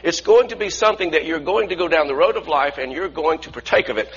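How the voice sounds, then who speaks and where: A man's voice: a little high, fast, a bit bright, slightly rough, dull audio. A man preaching a sermon earnestly, often restarting phrases and asking the congregation to repeat lines after him.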